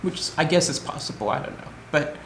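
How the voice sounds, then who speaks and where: In an emotional storytelling vlog, an upset American vlogger rambles and restarts while mimicking what others said in quoted voices. The voice is gravelly and medium-pitched, a little fast. There's a roomy sound with faint background noise.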